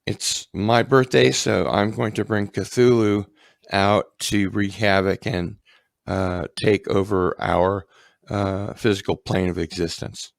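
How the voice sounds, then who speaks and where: A man's voice: lowish voice, fairly even intonation, slow, gravelly, no echo. A man hosting a casual livestream chat, rambling with ums and restarts. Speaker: livestream host.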